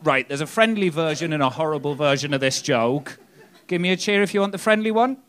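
A man's voice: fairly high pitch, expressive, fairly quick, noisy background. A man from northeast England with a Hartlepool accent, doing a cheeky, sweary live stand-up set and tagging jokes with "right?". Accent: northern English, Hartlepool. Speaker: stand-up comedian. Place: comedy club stage.

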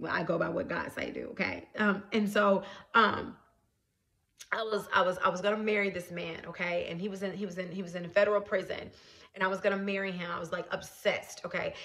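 A woman's voice: lowish voice, vocal fry. A woman prophetess giving a personal religious testimony to her viewers, speaking earnestly, repeating herself, and often checking that they follow.

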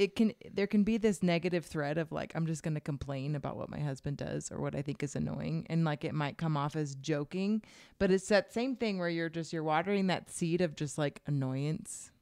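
Woman cohost, low voice, lots of restarts, dry close mic. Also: darkish tone, no room sound. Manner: halting, many restarts, laughs easily. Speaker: podcast co-host. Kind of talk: casual advice chat.

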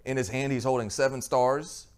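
An earnest male pastor delivering a sermon at a middle pitch, asking the congregation questions and restarting his phrases as he goes. His delivery is plain and sincere. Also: fairly even intonation, moderate pace. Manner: earnest preaching with frequent restarts and rhetorical questions.

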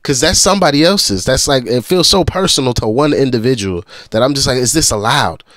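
A man's voice: mid-range voice, animated, brisk, fairly bright tone, dry recording, studio quality. American man reacting, bluntly and profanely. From United States. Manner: blunt, profane, talks back at the video. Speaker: reaction channel host. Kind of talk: casual reaction commentary.

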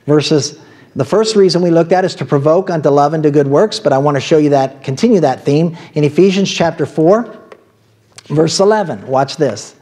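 Male pastor with an Ohio accent, slightly high voice, chatty sermon delivery with asides. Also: fairly quick, mellow. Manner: conversational preaching with asides and laughs.

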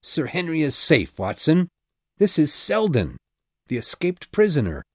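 A man voicing an urgent, commanding middle-aged male detective in an audiobook, with brisk exclamations and reasoning. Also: medium pitch, sing-song, darkish tone, no room sound, clean studio sound. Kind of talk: audiobook character reading.

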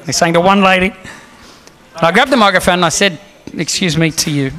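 A man's voice: high-pitched, expressive, quick pace, pushed and bright. A man preaching a sermon as a guest speaker, telling a story with animation and acting out the lines he quotes.

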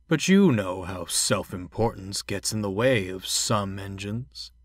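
A polite, formal steam engine speaks slowly and carefully, voiced by a man. The voice sits low and unhurried, with courteous, measured phrasing. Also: animated, no echo, clean studio sound.

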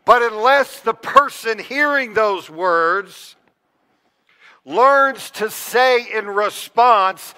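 A man with a high, ringing voice preaches in a church sanctuary, his words trailing into a long echo. He speaks earnestly and keeps turning to the congregation with direct questions. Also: extremely slow, long pauses, sharp tone. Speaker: pastor. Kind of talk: sermon.

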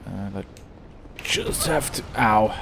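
A man's voice: on the low side, animated, slow, creaky, a little hiss or hum. Man swearing through a game commentary. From Austria. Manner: swearing, yelling at enemies, laughing at own mistakes. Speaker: gaming YouTuber. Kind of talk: let's play commentary.

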